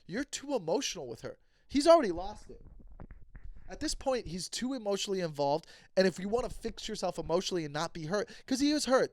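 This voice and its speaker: A man's voice: high-pitched, no room sound, clean studio sound. A comedian hosting his podcast, telling a story in a heated, profane rant and acting out both sides of the conversations. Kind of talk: casual storytelling monologue.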